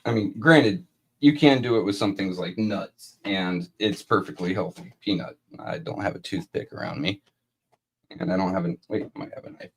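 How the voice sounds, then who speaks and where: A man's voice: on the low side, normal speed, a little hiss or hum. A man co-hosting a casual live-stream chat, talking bluntly and swearing a lot. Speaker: co-host.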